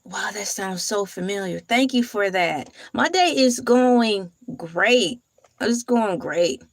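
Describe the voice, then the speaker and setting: A woman's voice: mid-range voice, dry recording. A woman hosting a casual livestream, chatting with viewers and reading comments. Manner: chatty, drawn-out, talks to viewers. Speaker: livestream host.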